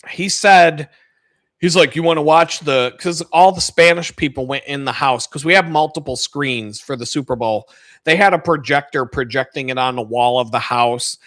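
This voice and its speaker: High, bright-voiced man swearing through a story. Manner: profane, laughs a lot, gets loud retelling stories. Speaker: video host. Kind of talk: casual rambling storytelling.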